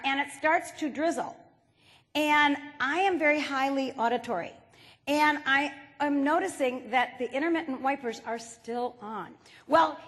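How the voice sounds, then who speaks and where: A woman's voice: high voice, fairly bright tone. A woman giving a humorous keynote talk, telling stories playfully and acting out the quotes. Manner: playful storytelling, acts out quotes. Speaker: motivational speaker. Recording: reverberant hall.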